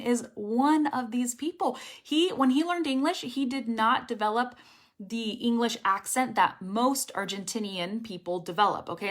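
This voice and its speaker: Encouraging woman teaching English pronunciation. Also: on the high side. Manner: lively, encouraging, checks in with "okay?". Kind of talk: online lesson.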